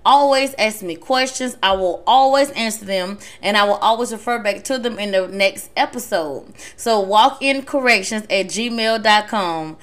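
A woman's voice: medium pitch, moderate pace, few pauses, fairly bright tone. A woman hosting a podcast, giving emphatic advice in a casual monologue, repeating words for stress. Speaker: podcast host.

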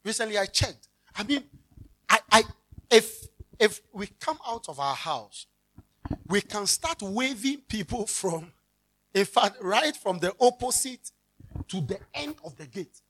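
Speaking at a measured pace with long pauses in a mid-range voice, a Ghanaian-accented pastor delivers a lively sermon. He blends Twi into his English, dramatizes everyday situations, and now and then shouts to drive a point home.

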